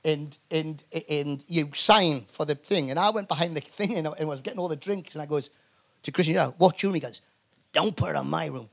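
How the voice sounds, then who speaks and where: A man's voice: on the high side, fairly quick. A man with a Geordie accent, a comedian and actor, telling rambling, swear-filled anecdotes as a guest. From Newcastle, England. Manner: animated storyteller, swears freely, many restarts. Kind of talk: anecdotal chat before a live audience.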